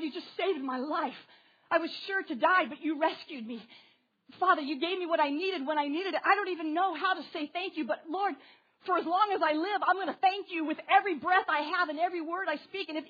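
A woman's voice: very high-pitched, fairly quick, a bit bright, lo-fi sound, voice pushed up. A woman voicing a young male shepherd giving earnest thanks, within a sermon. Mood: grateful.

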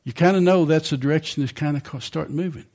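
Delivering a conversational sermon, an older man regularly checks in with those listening. He speaks at a quick pace, and his voice is a little higher than most men's, with a darkish tone.

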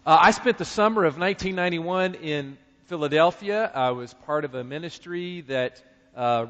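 A middle-aged man from North Carolina with a Southern accent, preaching a sermon with animated, emphatic delivery and touches of humor. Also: a little high. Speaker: pastor. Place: church sanctuary. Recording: dull audio with long hall reverb.

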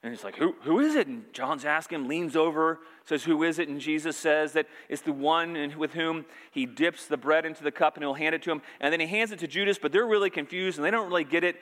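A man's voice: on the high side, fairly quick, few pauses, fairly bright tone. Earnest preacher man in a reverberant hall. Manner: earnest storytelling, retelling scenes with quoted lines. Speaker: pastor. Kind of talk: sermon.

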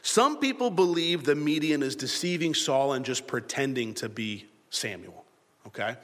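A man's voice: medium pitch, lively intonation, moderate pace, a bit bright, long reverb tail. A man preaching a sermon and acting out the biblical dialogue in different voices.

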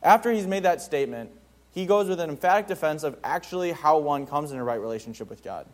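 A man with a slightly raised pitch leads a Bible study in a loose, conversational way. He leans hard on his key points and often stumbles into restarts and little fillers as he talks. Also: animated, fast talker. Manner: informal, many fillers and restarts. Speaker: Bible teacher.

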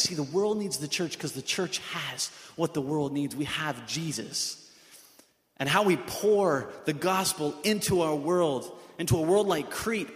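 Male preacher in an echoey hall. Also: fairly high pitch. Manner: earnest, many rhetorical questions. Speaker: pastor. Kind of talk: sermon. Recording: echoey hall with long reverb.

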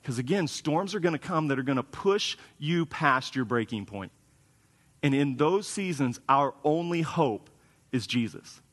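A man's voice: fairly high pitch, lively intonation, measured pace, fairly bright tone. A man preaching a conversational sermon as a pastor, casual and wry, with frequent restarts, in a church sanctuary. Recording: long hall reverb.

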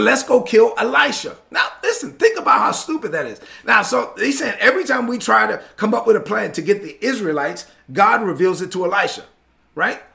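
A male preacher delivers a sermon in an emphatic, repetitive cadence. His voice sits high with a gravelly fry and a bright, forceful ring.

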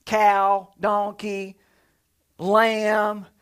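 A man in his thirties preaching a sermon in a lively, conversational way, with jokes and playful sound effects. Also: high voice, drawn-out words, smooth. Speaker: pastor.

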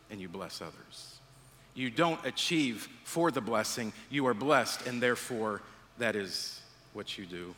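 A man preaches a sermon with a bright, forceful tone, swinging between lively acted-out stories and low, hushed emphasis. His voice carries the long reverb of a large church sanctuary. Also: slight background noise. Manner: animated storytelling, acts out voices, drops low and quiet for emphasis. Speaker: pastor.

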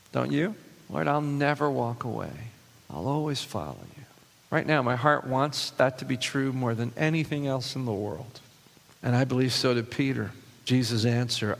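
Man preaching in a reverberant hall. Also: medium pitch. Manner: reads scripture then reflects with rhetorical questions. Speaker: pastor. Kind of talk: sermon.

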